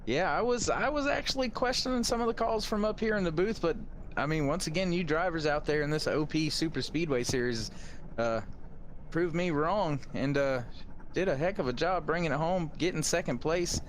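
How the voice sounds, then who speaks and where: A man's voice: on the high side, moderate pace, a little hiss or hum. A man commentating from the broadcast booth, talking casually and repeating folksy phrases. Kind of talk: post-race commentary.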